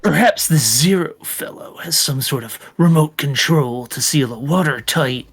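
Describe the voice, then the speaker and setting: A reader voicing a careful, composed prince in a slow, measured, half-whispered delivery. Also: mid-range voice, breathy edge. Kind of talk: group reading of a visual novel.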